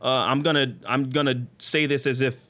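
Excitable guy hosting a live stream, bright voice, jokey and all over the place. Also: moderate pace. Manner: excitable, jokey, jumps into goofy high voices. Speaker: stream host. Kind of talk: casual live stream chat.

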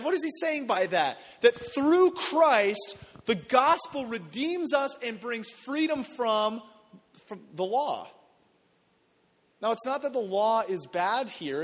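A man pastor preaching a sermon in a church, animated and conversational, acting out quotes as he goes. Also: high voice, big-room sound. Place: church sanctuary.

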